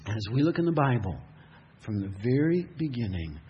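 A man's voice: medium pitch, big pitch swings, normal speed, warm tone, lo-fi sound, slight background noise. A man preaching a sermon, telling a story and building to impassioned rhetorical questions. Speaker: pastor.

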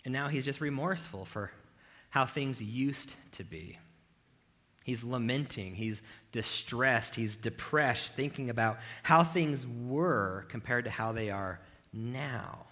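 Brief: male pastor, conversational sermon, bright forward tone, keeps checking in with "right?". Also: mid-range voice, slow. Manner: conversational, rhetorical "right?" asides. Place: church with video cameras.

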